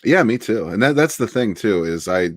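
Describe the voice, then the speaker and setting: A man's voice: lowish voice, animated, moderate pace, no echo, clean studio sound. A man being interviewed on a casual livestream, laid-back and rambling, laughing often. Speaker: interviewed author.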